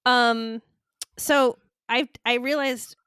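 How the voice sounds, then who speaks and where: A woman's voice: a little high, steady tone, very slow, pushed and bright, clear, resonant tone, no echo, studio quality. A woman co-hosting a casual podcast chat, wry and teasing in her remarks. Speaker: podcast co-host.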